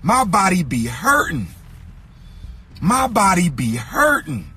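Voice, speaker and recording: High, lively man giving a rousing speech. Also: slow, breathy edge. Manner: rhythmic, emphatic repetition of lines; occasionally sings or shouts phrases. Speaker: speaker addressing an audience. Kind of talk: impassioned speech.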